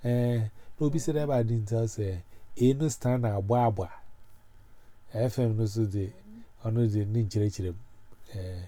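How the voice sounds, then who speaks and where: A man with a Ghanaian accent in a rambling, animated casual chat. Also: lowish voice, unhurried, pauses often, dry recording. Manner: rambling, animated, full of fillers. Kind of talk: casual chat mixing pidgin and Twi.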